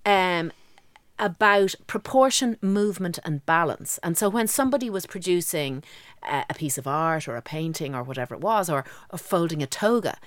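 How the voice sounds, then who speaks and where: A woman co-hosts a casual podcast, her voice sitting low but swinging widely in pitch as she explains. She laughs easily and talks in loose asides. The sound is dry and close. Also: a bit bright, dry recording. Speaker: podcast co-host. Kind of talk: casual chat.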